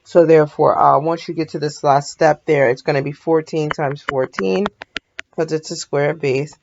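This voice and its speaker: A woman's voice: low voice, fairly even intonation, moderate pace, creaky, lo-fi sound, background noise. A woman math teacher talking through a recorded lesson in a sleepy, yawning, casual way, often stopping to apologize and correct herself.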